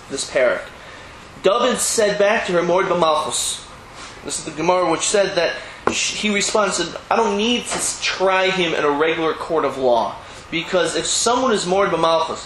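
A man gives a Talmud class in a high, light voice, slipping into the quoted lines as he retells a scene and stopping to explain Hebrew and Aramaic terms in plain English. The sound is roomy and echoey. A faint ambient hum sits underneath. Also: a bit bright. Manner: storytelling, acting out quoted dialogue. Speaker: Talmud teacher.

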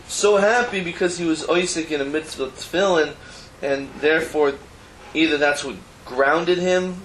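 A man teaching a Talmud class, explaining the text line by line with Hebrew terms and casual asides. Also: fairly high pitch. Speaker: Torah teacher. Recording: roomy echo, faint background noise.

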